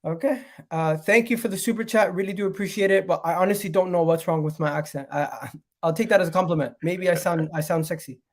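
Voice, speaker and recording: A man's voice: sits high, fast. A man hosting a casual football live stream, sounding nasal from a cold and chatting straight to his viewers. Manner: chatty, rambling, addresses viewers directly. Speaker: football channel host.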